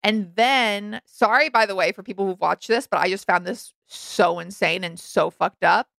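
A young adult woman co-hosting a podcast, talking through a reality show in a frank, animated, casual way. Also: medium pitch, moderate pace, gravelly, no room sound. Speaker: podcast co-host. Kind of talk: casual recap chat.

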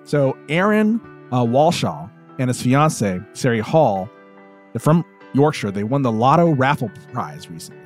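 A man's voice: mid-range voice, big pitch swings, a little slow, soft background music. A man hosting a comedy podcast, chatting in an upbeat, casual way. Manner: upbeat, chatty, lots of fillers. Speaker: host.

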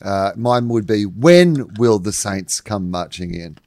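Australian man, sports podcast co-host, lowish voice, dry sound, teasing, blunt. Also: lively intonation, slow, a little mellow, dry recording. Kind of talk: casual sports chat.

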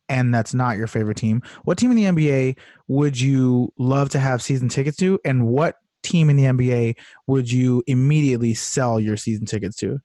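A man's voice: medium pitch, mellow, no echo, studio quality. A man hosting a podcast in casual chat, blunt and swearing, leading with questions.

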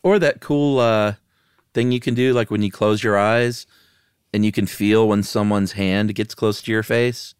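A man with a lowish, smooth and resonant voice, chatting as a podcast co-host. He talks in a relaxed, jokey way. The sound is close and dry. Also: a little slow, dry recording. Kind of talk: casual chat.

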